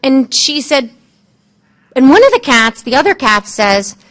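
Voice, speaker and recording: A woman on a panel telling stories from her work as an animal communicator, acting out what the animals and people said. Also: high-pitched. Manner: lively, quotes animals and people in changing tones; halting, frequent fillers and restarts. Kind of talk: storytelling on a panel.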